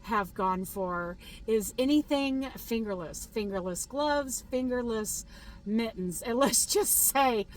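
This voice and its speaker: Woman, middle-aged, chatty vlogger, fairly high voice, laughs a lot. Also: slow, poor audio. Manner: chatty, laughs often while telling stories. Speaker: crochet vlogger. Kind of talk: casual chat to camera.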